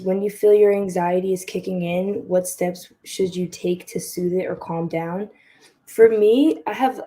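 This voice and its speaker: A woman's voice: mid-range voice, mellow. A teenage girl on a panel, speaking hesitantly with many fillers. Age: teens. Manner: hesitant, lots of "like". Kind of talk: panel discussion.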